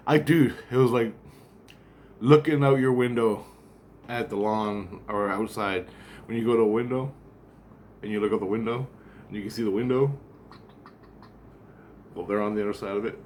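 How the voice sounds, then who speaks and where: A man's voice: on the low side, moderate pace, pauses often, a little hiss or hum. A man talking straight to the camera in a rambling, profane monologue that keeps doubling back and repeating itself. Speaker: vlogger.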